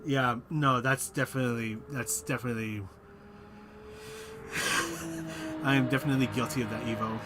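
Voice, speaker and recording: A laid-back man talks through his laps in a casual live stream, joking at his own expense and thanking viewers by name. He sounds sleepy, and his voice sits in an ordinary middle pitch. Loud game music and car engines run underneath him. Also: quick pace, few pauses. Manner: relaxed and self-deprecating, chatting with viewers. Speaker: gaming livestreamer. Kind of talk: casual live commentary while racing.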